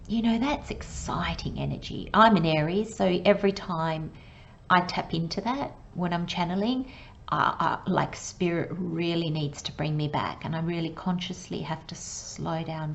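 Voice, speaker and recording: Excitable woman reading tarot. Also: on the low side, dull audio, background noise. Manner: excitable, rambling, laughs often, sometimes drops to a whisper. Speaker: tarot reader. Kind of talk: casual channelled tarot reading.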